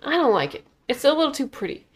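A woman's voice: high voice, big pitch swings, quick pace. A woman co-hosting a podcast, tossing in wry, joking comments in casual chat. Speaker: podcast co-host.

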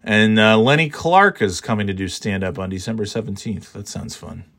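A man's voice: fairly low pitch, expressive, moderate pace, a bit bright, no echo, clean studio sound. A tired, yawning man rambling sarcastically in a casual monologue, swearing freely and mocking himself. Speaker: vlogger.

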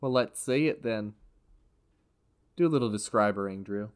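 A man narrating a tabletop role-playing game as game master, in a relaxed, conversational way. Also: fairly low pitch, moderate pace, clear, resonant tone. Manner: relaxed, conversational, with frequent laughs.

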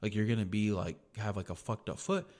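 A man's voice: lowish voice, a little fast, a little mellow. A young man telling a story casually on a podcast, laid-back and swearing freely, with lots of "like". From United States. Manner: laid-back, profane, peppered with "like". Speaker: podcast host.

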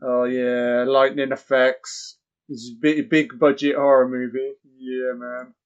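Man, slow swearing film commentary, dull lo-fi sound. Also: mid-range voice, smooth. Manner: profane, excitable, mocking. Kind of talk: crude live movie commentary. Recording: dull lo-fi audio.

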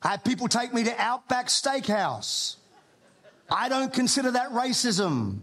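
An Australian man preaching to a congregation, his voice sitting very high for a man. He delivers the sermon in a loose, conversational way, slipping in jokes and often restarting his phrases. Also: very animated, a little slow, a bit bright. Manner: conversational preaching with humorous asides and repeated restarts. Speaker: pastor. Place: church before a congregation.

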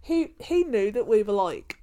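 A woman's voice: medium pitch, sing-song, measured pace, dark tone. A young woman, chatting casually on a podcast and giggling while she reads old school reports aloud with a friend. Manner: giggly, jokey, reminiscing with a friend. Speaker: podcast co-host.

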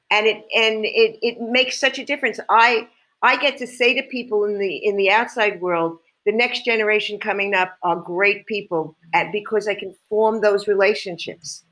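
A woman's voice: mid-range voice, a little slow, a bit bright. An older woman in a podcast conversation, speaking in a reflective, earnest way.

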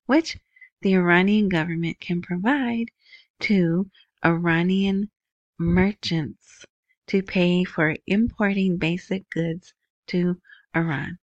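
A woman's voice: fairly low pitch, no room sound, muffled recording. A woman hosting a casual news commentary, chatty, who often asks "right?". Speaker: video host.

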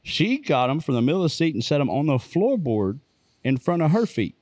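A man telling a story in casual conversation, plain-spoken and relaxed. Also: a little high, a little fast, dry recording. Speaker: co-host.

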